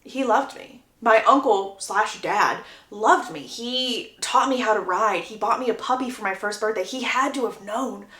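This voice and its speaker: A woman's voice: a little high, a little slow, hardly any pauses, bright, forceful tone. A woman voicing an exasperated, lovesick young man who scolds. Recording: roomy echo.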